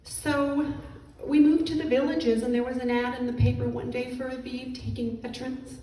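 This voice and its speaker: A middle-aged woman veteran giving an emotional personal testimony, halting and apologetic as she fights back tears. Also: high voice, flat delivery, dark tone. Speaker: veteran speaker. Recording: echoey room, distant mic, faint noise.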